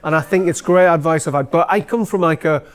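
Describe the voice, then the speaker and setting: A man from North East England with a Geordie accent, formerly a company chief, speaks fairly quickly in a fairly high voice. In an event room, he gives a live, chatty, self-deprecating talk to an audience, full of stories and many fillers.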